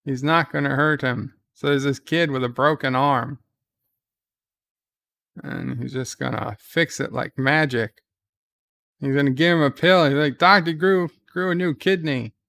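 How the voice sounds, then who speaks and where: A man giving casual live commentary on a TV episode, loosely recapping scenes and reading viewer chat questions aloud, thinking out loud as he answers. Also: medium pitch, unhurried, creaky, long pauses, dry recording. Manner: thinks out loud with fillers and restarts.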